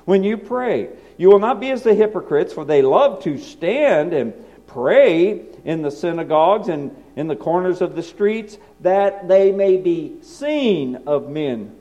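A man delivers a sermon in a high, animated voice that climbs and falls widely. His tone is mellow rather than bright, and he moves between forceful emphasis and quiet, hushed asides. The recording sounds dull and lo-fi. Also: a little slow. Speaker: preacher.

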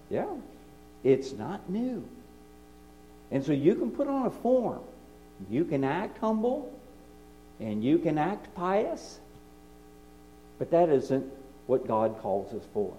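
Male preacher, high lively voice, mellow tone, dull lo-fi sound, loud emphasis dropping to hushed asides. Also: slow, faint music behind. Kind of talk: sermon. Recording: dull lo-fi recording.

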